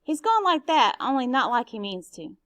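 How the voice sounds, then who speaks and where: A woman's voice: high voice, sing-song, normal speed, a bit bright, no echo. A woman reading a novel aloud, voicing an earnest, anxious young boy with an eager, pleading tone.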